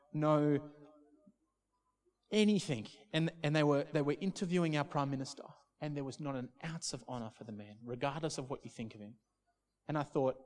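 A man's voice: medium pitch, a little mellow. A man, a pastor preaching a sermon through a personal story, restarting and repeating words as he talks.

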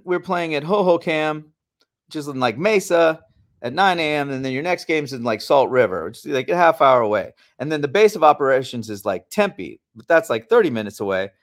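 A man co-hosting a podcast, telling a long story in a heated, animated way and swearing often. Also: a little high. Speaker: podcast co-host. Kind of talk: casual storytelling.

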